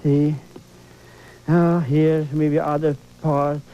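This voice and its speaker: A man's voice: on the high side, little pitch movement, very slow, highs cut off. A man leading a televised painting lesson, exclaiming and coaxing, repeating phrases for emphasis. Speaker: painting instructor.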